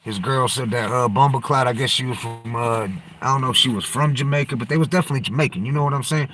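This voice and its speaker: A man's voice: mid-range voice, quick pace, fairly bright tone, a little hiss or hum. A man hosting a podcast, talking loosely in slang and profanity and jumping from topic to topic. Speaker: podcast host. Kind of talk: casual rambling chat.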